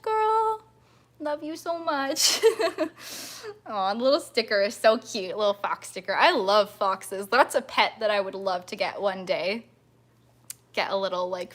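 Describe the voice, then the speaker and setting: With a mid-range, slightly bright voice and a measured pace, a young woman streams casually as a mermaid performer. She chats with viewers over their comments, giggly and bubbly, showering them with thanks.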